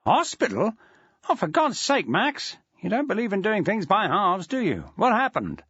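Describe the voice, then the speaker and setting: A man's voice: sits high, huge pitch swings, moderate pace, a bit bright, slightly rough, dry recording, highs cut off, pitched above the performer's own voice, full character voice. A man reading an audiobook, voicing a blunt, exasperated male headmaster who scolds and swears.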